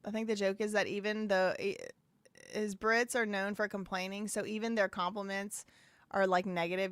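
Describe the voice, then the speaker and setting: A woman's voice: medium pitch, flat delivery, moderate pace, fairly bright tone, smooth, no room sound. A woman hosting a live stream, chatting casually, laughing and repeating phrases as she goes. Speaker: live show host.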